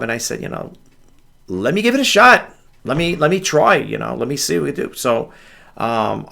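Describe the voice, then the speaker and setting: A man's voice: medium pitch, gravelly, a bit bright. A tired middle-aged man from New York, rambling through stories late at night in his home, often repeating words and drifting between topics. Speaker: online reseller vlogger. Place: home room with a grandfather clock.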